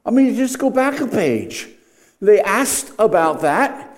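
A man's voice: sits high, big pitch swings, a little slow. A middle-aged man preaching an expository sermon, emphatic, his voice rising and dropping sharply.

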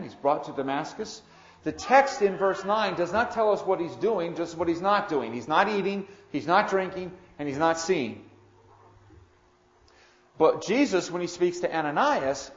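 Earnest preacher, echoey dull recording. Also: male voice, fairly high pitch. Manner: earnest, swings between loud emphasis and quiet asides. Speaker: pastor. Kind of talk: sermon. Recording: echoey room, dull lo-fi sound.

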